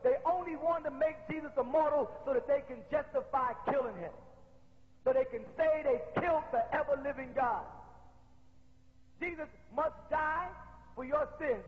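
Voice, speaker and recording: A man preaching a sermon, pressing his listeners with rhetorical questions and quoting scripture slowly for emphasis. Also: very high-pitched. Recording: dull lo-fi tape in a reverberant hall.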